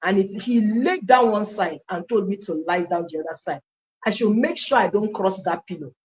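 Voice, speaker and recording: A Nigerian woman telling her personal story in an animated testimony style, acting out dialogue and slipping into Pidgin phrases. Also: medium pitch, normal speed, slight background noise, rough recording.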